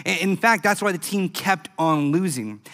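A man preaching a youth sermon, telling a story in an animated, emphatic way. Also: sits high, moderate pace. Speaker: youth pastor. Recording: echoey hall.

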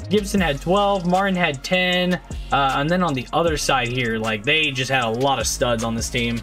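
A man with a high, bright voice giving live gameplay commentary. His pitch leaps around as he shifts between excitement and frustration, yelling at teammates and swearing in casual slang. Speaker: gaming YouTuber.

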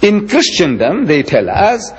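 A man's voice: huge pitch swings, unhurried. A man in his seventies giving an emphatic, rhetorical religious lecture. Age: 70s. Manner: emphatic, rhetorical, with dramatic swings in pitch. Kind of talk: public lecture. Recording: dull lo-fi recording with long hall reverb.

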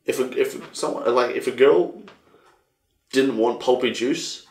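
A man's voice: mid-range voice, a little slow, vocal fry. Rambling young Australian man in an echoey room. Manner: rambling, animated, swears casually. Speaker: podcast host. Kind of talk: casual solo monologue.

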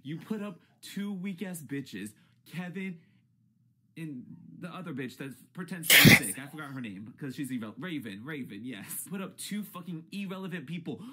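Brief: furious, profane reality-show ranter, bright husky tone. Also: mid-range voice, animated, moderate pace. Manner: profane, exasperated, swings into shrieks. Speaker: YouTube ranter. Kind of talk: angry reality TV rant.

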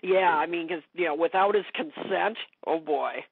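A woman's voice: fairly low pitch, moderate pace, vocal fry, husky, no room sound. A woman speaking as a guest expert in a casual interview chat, talking with many fillers and restarts. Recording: dry phone-like call audio.

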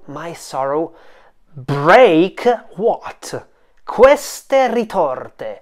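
A woman with as her explains song lyrics line by line in a low, unhurried voice. She talks slowly and carefully, and now and then stretches out a word to spell it out. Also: expressive. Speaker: Italian teacher and channel host.

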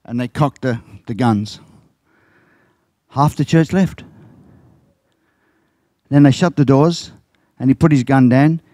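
An older man, a pastor, preaches a sermon full of stories, speaking slowly with long pauses in a mellow voice. He acts out quoted lines with big jumps in pitch, and the recording is dry.

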